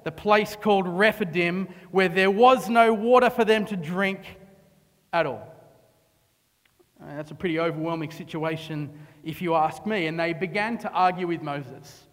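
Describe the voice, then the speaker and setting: A man preaching a sermon, dramatic, dropping to hushed tones and rising to impassioned cries. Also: high voice, normal speed. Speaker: pastor. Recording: long reverb of a large hall.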